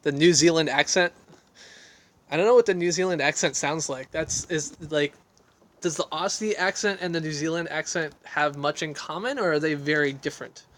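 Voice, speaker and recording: A man's voice: fairly high pitch, normal speed, a bit bright. Rambling man chatting on a selfie stick. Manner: rambling, self-deprecating, reads and answers chat aloud. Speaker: livestream host answering viewer questions. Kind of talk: casual livestream chat. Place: outdoor deck of a house. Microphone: phone on a selfie stick.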